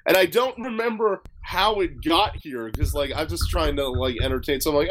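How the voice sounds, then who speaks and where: A man's voice: a little high, lively intonation, a little fast, slight background noise. A man hosting a podcast, telling a story in a rambling, casual way with lots of fillers and swearing. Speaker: podcast host.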